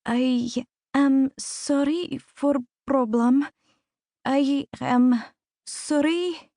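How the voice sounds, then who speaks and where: A woman's voice: sits high, fairly even intonation, no echo, clean studio sound, pitched above the performer's own voice, exaggerated voice. A woman doing a shy young Russian woman. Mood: apologetic. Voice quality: soft, halting broken English.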